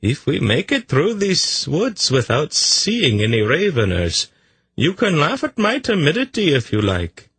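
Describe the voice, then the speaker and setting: A man's voice: fairly high pitch, huge pitch swings, measured pace, fairly bright tone, breathy edge, no echo, pitched above the performer's own voice, heavily acted. A man voicing a nervous, wary traveller in an audiobook, anxious and pleading to get away. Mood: uneasy, fearful. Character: nervous wary man, frightened and urging flight.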